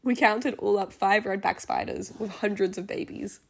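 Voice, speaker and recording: Woman, vlog voice-over narration, gentle and earnest, gravelly fry. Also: medium pitch, normal speed. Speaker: travel vlogger narrator.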